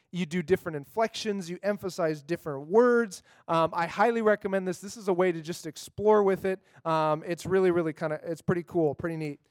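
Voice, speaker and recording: A man's voice: high voice, no room sound. A man giving a casual, upbeat talk on memorizing scripture, chatty, with many fillers and tag questions.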